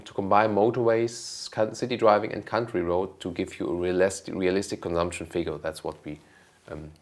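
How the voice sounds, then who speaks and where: A man, hosting a car channel and casually answering viewer questions, relaxed and thinking aloud with lots of ums. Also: fairly low pitch. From Germany. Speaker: car review host.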